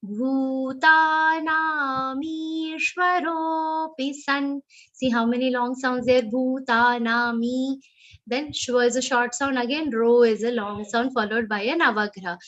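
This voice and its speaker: A woman with an Indian English accent teaching Sanskrit verse recitation in an online class, correcting pronunciation and chanting lines slowly. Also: on the high side, flat delivery, highs cut off. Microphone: video call.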